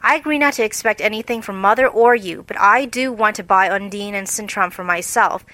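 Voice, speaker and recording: A blunt, bookish teenage girl, as a woman reader plays her speaks with eager energy. The voice is bright and forceful. It is a dry, close audiobook recording. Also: medium pitch, fairly quick, dry recording, close to an everyday voice.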